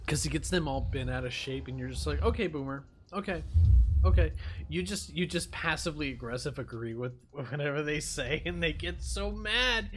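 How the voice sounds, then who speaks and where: A man's voice: a little high, a little fast, hardly any pauses. A man streaming and ranting casually, swearing and laughing often as he talks. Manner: profane, animated, laughing often. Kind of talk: casual rant while gaming.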